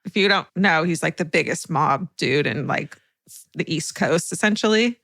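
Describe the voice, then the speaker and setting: A young adult woman co-hosting a podcast, reading listener stories aloud with an animated, swearing, laughing manner. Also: deep voice, normal speed, gravelly, no room sound. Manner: animated storyteller, swears freely, laughs often. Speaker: podcast co-host.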